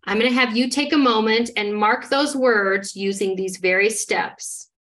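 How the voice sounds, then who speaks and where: A woman with a slightly high voice leads a reading lesson, sounding out word parts one step at a time. She keeps an encouraging teacher's manner as she models each step for her listeners. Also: measured pace, fairly bright tone. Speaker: literacy trainer. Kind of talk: instructional demonstration.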